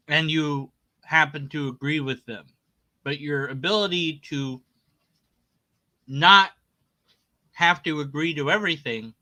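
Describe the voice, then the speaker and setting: A man's voice: medium pitch, pushed and bright, low-quality recording. A man casually rebutting a critic's video, sarcastic and rambling, often trailing off with a shrug. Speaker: video creator responding to a critic. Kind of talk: casual spoken rebuttal commentary.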